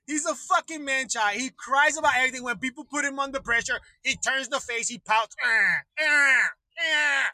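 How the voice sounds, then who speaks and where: A man's voice: very high-pitched, fairly even intonation, brisk, few pauses, pushed and bright, no echo, low-quality recording. Male livestream host, casual rant, swears a lot, dry close-miked sound. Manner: profane, rambling, laughs often.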